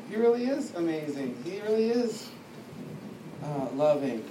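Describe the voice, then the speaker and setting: High-pitched and animated, at a moderate pace, a discipleship-school teacher talks informally to his class, wandering into side stories and laughing often. Faint noise, an echoey room and a distant microphone mark the recording.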